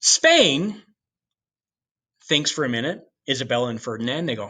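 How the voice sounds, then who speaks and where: A man giving a history lecture in an animated storytelling way, with casual asides to the class. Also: fairly high pitch, slow pace, pauses often. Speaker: history teacher.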